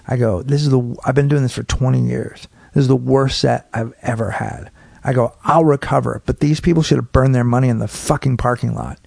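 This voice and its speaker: A man's voice: mid-range voice, moderate pace, creaky, no echo, studio quality. A middle-aged male comedian telling a long, profane story in casual chat, acting out bits of it. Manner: profane, animated, acts out bits. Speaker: comedian guest. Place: home studio man cave. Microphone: podcast mic.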